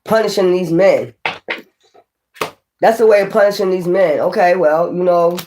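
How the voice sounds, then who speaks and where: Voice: medium pitch, fairly even intonation, normal speed, noisy background. Tarot reader, casual rambling delivery, heavy profanity, emphatic repetition. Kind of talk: casual tarot reading to camera.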